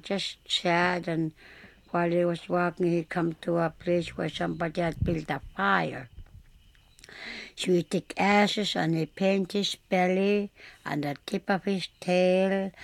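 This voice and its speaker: Woman storyteller folk tales, slow, gravelly, dry close sound. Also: lowish voice, no room sound. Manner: unhurried, with pauses and fillers. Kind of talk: oral folk tale telling.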